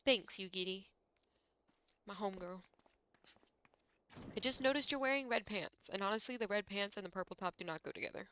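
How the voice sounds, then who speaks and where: A woman's voice: mid-range voice, a little fast, pauses often, pushed and bright, clean tone. A young woman streaming a game, chatting casually and teasing the characters on screen. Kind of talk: casual gameplay commentary.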